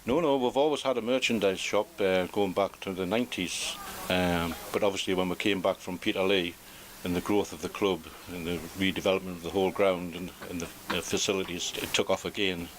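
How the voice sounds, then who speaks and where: A man's voice: sits low, fairly even intonation, fairly quick, few pauses, slight background noise. A man who runs a football club's merchandise shop, answering interview questions in a plain, matter-of-fact way. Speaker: football club shop manager. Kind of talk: casual interview.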